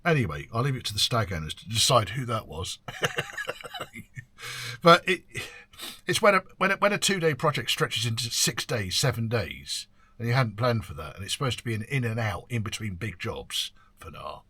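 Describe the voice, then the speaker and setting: A man's voice: mid-range voice, big pitch swings, moderate pace, pushed and bright, breathy edge. An older man, rambling casually about his year of classic car work as host of his channel. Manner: rambling, chatty, mild swearing, frequent ums. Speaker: classic car workshop owner and video host. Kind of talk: casual year-end chat to camera.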